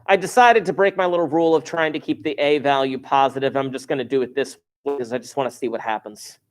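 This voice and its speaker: A man at a middle pitch talks a class through a math problem. He is chatty and informal. He repeats important phrases over and over so they stick. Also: steady tone, quick pace. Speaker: math teacher. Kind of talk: recorded classroom math lesson.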